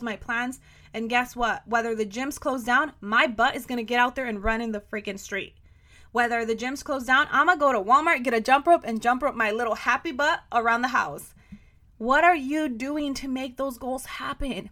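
A woman hosting a podcast, talking to the listener in an emphatic motivational pep talk that sometimes drops to a soft, guided tone. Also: high voice. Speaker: podcast host. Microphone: podcast microphone.

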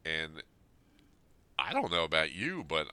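Man in his fifties with a low voice and a hard, forceful edge. He is earnest and plain-spoken, reading a letter aloud and then reflecting on it. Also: wildly swooping pitch, measured pace, clear, resonant tone, no echo. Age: 50s. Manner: earnest, plain-spoken, speaking straight to his late father. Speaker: Army veteran sharing a personal letter.

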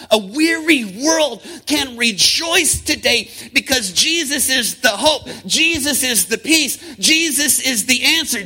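A male pastor preaching a sermon, rhythmic and impassioned, with fast runs, slow drawn-out emphasis and calls to the congregation. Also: extremely high pitch, bright, forceful tone, breathy edge, poor audio. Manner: swings from quick talk to slow, drawn-out emphasis.

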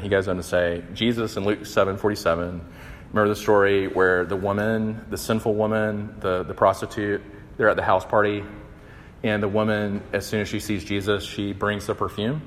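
A young man giving a conversational, animated sermon, acting out the quotes. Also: on the low side, a little hiss or hum. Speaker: campus minister. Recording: long hall reverb.

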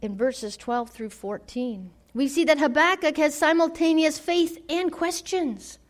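Woman preacher, high voice, slow and dramatic, goes loud then real quiet. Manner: dramatic, swings from loud to hushed. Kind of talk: sermon.

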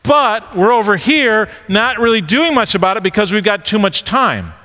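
A man preaching a conversational sermon, animated and full of questions. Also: high voice, moderate pace, in a large hall.

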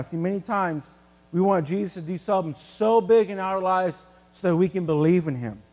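A man preaching a sermon in a casual, animated way, using everyday examples. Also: high-pitched, brisk, long reverb tail. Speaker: pastor.

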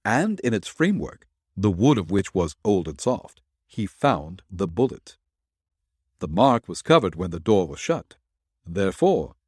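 A man voicing a calm, assured male detective in an audiobook, explaining step by step. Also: on the low side, dry recording, studio quality. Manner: measured, explaining.

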